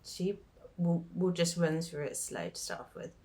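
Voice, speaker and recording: A woman's voice: fairly low pitch, very animated, normal speed, darkish tone. A woman giving a casual ukulele chord tutorial, chatting, joking at her own mistakes and singing lines of the song as she plays. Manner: chatty, self-deprecating, breaks into sung lines. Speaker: ukulele teacher. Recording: ukulele strummed behind voice.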